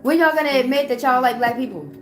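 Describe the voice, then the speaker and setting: A young woman hosting a livestream, ranting in a confrontational way with rapid-fire rhetorical questions. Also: high voice, echoey room. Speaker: livestream host. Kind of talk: heated casual livestream rant. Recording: music playing clearly behind.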